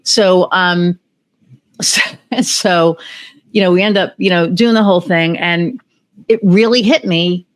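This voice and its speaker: A woman's voice: lowish voice, slow, pauses often. A woman as a podcast guest, animatedly telling a personal story and acting out remembered conversations. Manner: animated, acts out remembered dialogue; many fillers and restarts. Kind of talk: casual storytelling interview.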